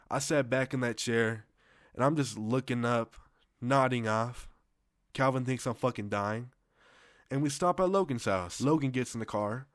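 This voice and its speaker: Young guy, casual storytime, slangy and rambling, medium pitch, dead-dry close sound. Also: no room sound. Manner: loose, slangy, profane, rambling with restarts.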